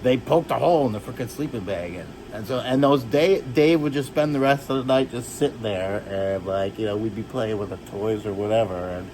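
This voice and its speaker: A man telling rambling, halting stories about his childhood, jumping from one memory to the next. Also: a little hiss or hum, rough recording. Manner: rambling, halting, restarts and jumps between stories; shouts and jumps high when acting out others. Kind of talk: rambling personal storytelling.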